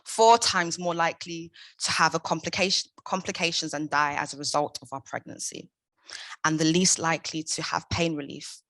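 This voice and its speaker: A young woman speaks at a conference in a low, forceful voice, pressing her points with passion and emphasis. The sound is close and dry, with no room around it. Her questions land hard and rhetorical. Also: fairly even intonation, moderate pace, no room sound. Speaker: conference speaker, founder of a maternal support group. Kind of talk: prepared conference talk.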